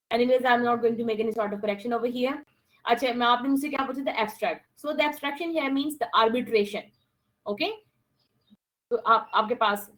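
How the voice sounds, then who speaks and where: A woman's voice: a little high, fairly bright tone, low-quality recording. A woman teaching an online class, mixing with Hindi-Urdu phrases and speaking as she addresses her students directly. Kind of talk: online English lesson.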